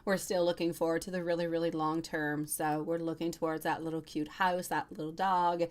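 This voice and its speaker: A woman's voice: deep voice, level tone, a little fast. A middle-aged woman giving a live-stream tarot reading, calling the viewer sweet love and reading cards to them. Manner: warm, endearing, chatting with viewers. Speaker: tarot reader.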